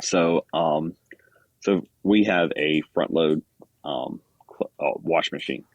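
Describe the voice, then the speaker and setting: A man's voice: very deep voice, takes it slowly, no echo, muffled recording. A man guest on a podcast, talking casually with lots of fillers and self-deprecating asides. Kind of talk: casual chat.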